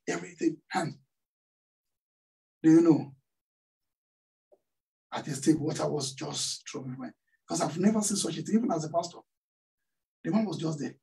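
A pastor preaching in church, his voice fairly high-pitched but mellow and dark in tone. He tells a story and keeps throwing questions out to the congregation, and he sounds set back from the microphone. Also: gravelly, far from the mic, low-quality recording. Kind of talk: sermon. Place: church hall.

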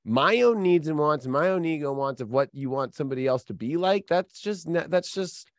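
A man who works as an astrologer tells stories as a guest on a casual podcast, rambling and using lots of fillers. His slightly high voice has lively intonation and a moderate pace, captured in clean studio sound with no room sound.

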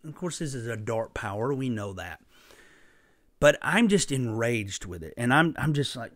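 A man preaching a sermon through a personal story, impassioned and emphatic, with sudden loud bursts. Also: mid-range voice, lively intonation, normal speed, no echo, clean studio sound.

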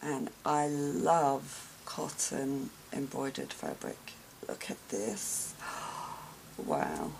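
A low-voiced woman with a gravelly edge speaks slowly and softly in a casual vlog, gasping and gushing as she opens gifts. Paper crinkles, and noticeable noise sits behind her voice. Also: sing-song. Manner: soft, slow and gushing, many gasps and sighs. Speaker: craft vlogger opening gifts.

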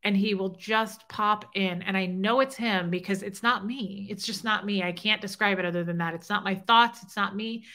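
A woman's voice: medium pitch, steady tone, moderate pace, hardly any pauses, sharp tone. A middle-aged woman hosting a casual livestream, talking openly and emotionally while reading viewer comments. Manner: heartfelt, openly emotional, chatty. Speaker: livestream host.

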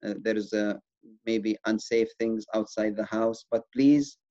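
A man's voice: on the low side, monotone, unhurried, darkish tone. A man giving an earnest, reassuring educational talk on wellness. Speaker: wellness presenter. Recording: dull lo-fi recording.

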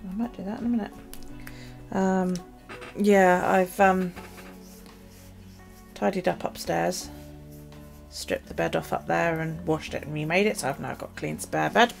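A woman chatting casually about her journal and her chores, rambling with many pauses and ums. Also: on the low side, steady tone, creaky, faint music behind. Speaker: journaling vlogger. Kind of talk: casual chat.

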